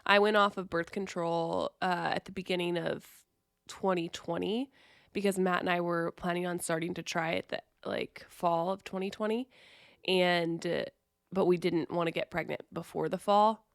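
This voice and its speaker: Gravelly-voiced woman in relaxed podcast talk. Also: on the low side, normal speed, no room sound, studio quality. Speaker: podcast co-host and editor. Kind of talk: casual chat.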